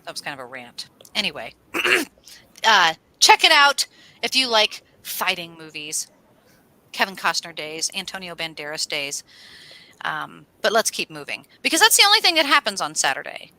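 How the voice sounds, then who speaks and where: A woman co-hosting an astrology livestream, telling rambling stories in a casual, animated way and swearing now and then. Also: on the low side, normal speed, dry recording, rough recording. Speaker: astrology show co-host.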